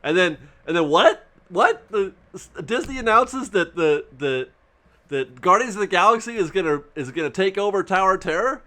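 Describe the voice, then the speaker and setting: A man talking casually as a theme park news vlogger, animated and rambling, laughing often as he speaks. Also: sits high, brisk. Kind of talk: casual excited vlog commentary.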